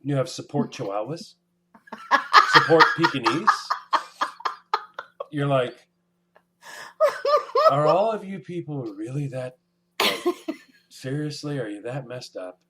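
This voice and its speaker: A man's voice: mid-range voice, expressive, slow pace, long pauses, bright, forceful tone. A man co-hosting a casual podcast chat, joking and acting out mock dialogue. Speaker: podcast co-host.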